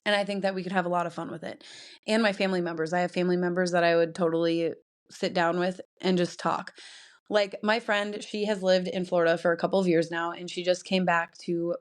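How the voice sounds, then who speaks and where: A woman's voice: lowish voice, flat delivery, brisk. A young woman hosting her own podcast, talking alone in a rambling, chatty way and laughing often. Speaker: podcast host. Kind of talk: casual solo podcast chat.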